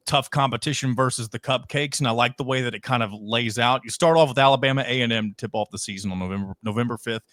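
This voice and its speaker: A man's voice: medium pitch, fairly bright tone, no echo, clean studio sound. A man hosting a sports podcast, setting up topics and asking questions in casual chat. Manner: leads with questions, sets up topics. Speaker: podcast host.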